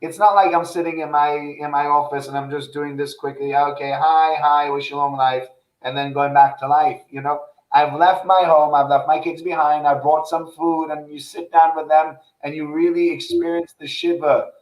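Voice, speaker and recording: A man's voice: a little high, flat delivery, moderate pace, hardly any pauses, a little mellow. A man in casual conversation, telling a heartfelt personal story in an earnest way, with many restarts. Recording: echoey room.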